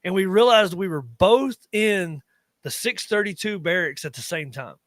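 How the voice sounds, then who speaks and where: A man in his thirties with an Appalachian accent, hailing from western North Carolina, co-hosts a podcast and spins rambling stories in casual talk, often stopping mid-sentence. He has a high voice and a moderate pace. The recording is dry.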